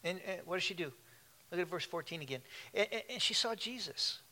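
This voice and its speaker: A man's voice: sits high, lively intonation, a little fast, pushed and bright. A man preaching a sermon in a conversational way, with asides and questions to the congregation. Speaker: pastor.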